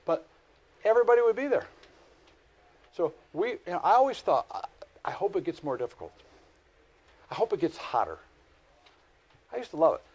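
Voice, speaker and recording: Animated folksy male real estate trainer. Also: fairly high pitch. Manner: folksy storytelling, animated asides. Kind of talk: live class lecture.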